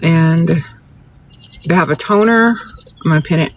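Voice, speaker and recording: A man with a notably high voice hosts a casual livestream, answering viewer questions with blunt, sassy, no-nonsense advice. He talks straight at his audience, and a faint background noise sits under the phone recording. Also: normal speed. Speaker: advice-giving livestream host. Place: outdoors, birds nearby.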